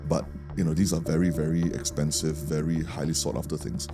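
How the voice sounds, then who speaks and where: A man's voice: very deep voice, little pitch movement, brisk, music in the background. A man with a Singaporean English accent, co-hosting a podcast and telling a story in a chatty way, often restarting his sentences. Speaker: podcast co-host. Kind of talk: casual storytelling chat.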